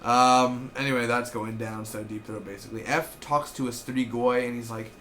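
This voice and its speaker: A young man rambles excitedly through a TV episode recap, swearing freely and chasing tangents. His voice sits at an ordinary male pitch, with a faint noise underneath. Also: moderate pace. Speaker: TV episode reviewer. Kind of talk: casual recap.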